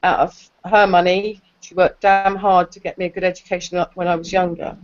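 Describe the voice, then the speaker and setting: A woman's voice: lowish voice, level tone, fairly quick. Blunt well-spoken London woman. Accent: well-spoken southern English. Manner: blunt, outspoken, swears casually. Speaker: debate host. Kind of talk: casual online debate chat. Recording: dull lo-fi audio.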